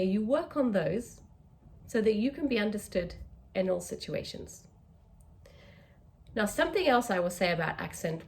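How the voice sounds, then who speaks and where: A woman's voice: medium pitch, creaky. English woman coaching with emphatic stresses. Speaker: communication skills coach. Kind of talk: teaching to camera.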